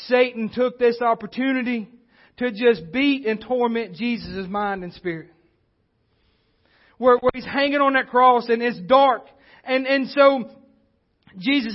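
High-voiced preacher, muffled livestream. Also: male voice. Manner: earnest preaching, rising intensity on key points. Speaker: pastor. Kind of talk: sermon. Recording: dull lo-fi livestream audio.

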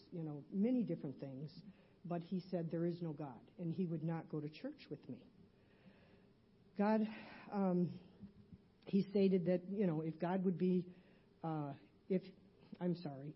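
Husky woman reading her church testimony. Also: lowish voice, highs cut off. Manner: earnest, halting, with restarts. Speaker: church member giving a testimony. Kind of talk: reading a personal testimony aloud.

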